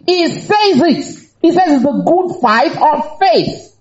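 A male preacher with a high voice that swings widely in pitch, delivering an emphatic, animated sermon. He drives his points home by repeating phrases. The recording is dull and lo-fi. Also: slow. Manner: animated, emphatic, bursts into shouts and laughter.

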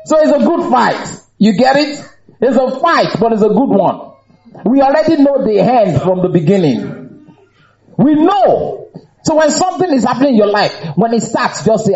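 A male preacher with a high voice that swings widely in pitch, delivering an emphatic, animated sermon. He drives his points home by repeating phrases. The recording is dull and lo-fi. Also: unhurried. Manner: animated, emphatic, bursts into shouts and laughter.

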